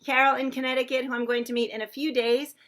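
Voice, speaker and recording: Female sing-along host, high and bright-toned, effusive livestream greeter. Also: little pitch movement, fast talker. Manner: effusive and chatty. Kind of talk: livestream welcome, greeting viewers by name. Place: indoors in a shared room with other singers.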